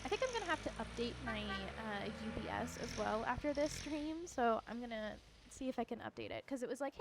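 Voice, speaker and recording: A woman's voice: on the high side, expressive, fairly quick, hardly any pauses, background noise. A woman streamer chatting giddily while playing a game, with game music behind. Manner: giddy, chatty. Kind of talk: casual gameplay chat.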